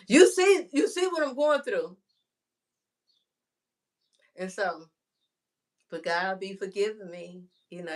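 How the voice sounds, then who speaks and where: A woman's voice: on the low side, fairly bright tone. Woman rambling to her viewers about god and life, chatty, lots of "you know" and "right?". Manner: homespun, chatty, addresses viewer directly. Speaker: vlogger. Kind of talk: casual faith musing to viewers.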